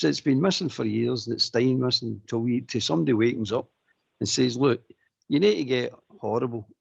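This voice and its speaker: A gravelly, husky Scottish man on a dull, dry line, calling in to a radio phone-in. He talks bluntly and mocks what he dislikes, with a laugh breaking in here and there. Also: mid-range voice, dry recording. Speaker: caller.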